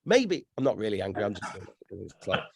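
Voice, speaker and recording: A man telling stories in casual podcast chat, animated and swearing freely. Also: sits low, fast, vocal fry, background noise. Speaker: guest.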